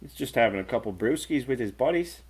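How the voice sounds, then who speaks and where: A man's voice: medium pitch, expressive, quick pace, slightly rough. A man co-hosting a casual film review chat, rambling and swearing freely. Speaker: radio show co-host.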